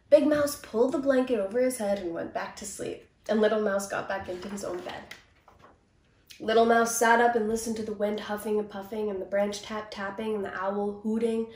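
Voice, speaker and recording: A woman's voice: mid-range voice, moderate pace. A woman reading a children's storybook. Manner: gentle, expressive storytelling. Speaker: actor reading a picture book. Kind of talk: children's storybook read-aloud. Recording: roomy, distant mic.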